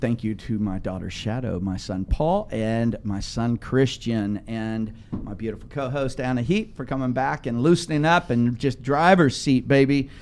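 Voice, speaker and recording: A man's voice: mid-range voice, moderate pace, hardly any pauses, darkish tone, a little hiss or hum. A man hosting a talk radio show in casual, joking chat, often laughing and rambling through thank-yous.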